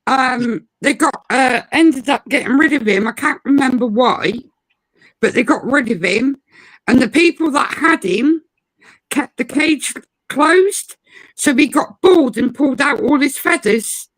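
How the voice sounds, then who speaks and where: A woman in casual chat, telling animated stories about a cheeky parrot and imitating its swearing. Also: high voice, a little slow, no echo, poor audio.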